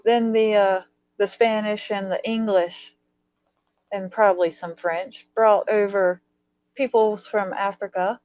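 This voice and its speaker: A woman from the United States hosting a casual live stream chat, curious and quick to laugh. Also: medium pitch, fairly even intonation, a little mellow, dry recording, muffled recording. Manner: curious, laughs easily, thinks aloud. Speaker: host.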